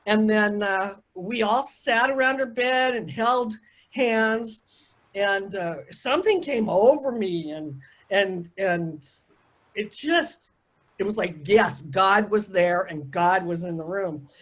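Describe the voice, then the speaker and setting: A woman's voice: medium pitch, takes it slowly. An older woman from the United States, an interview guest, telling a rambling, emotional personal story full of quoted asides.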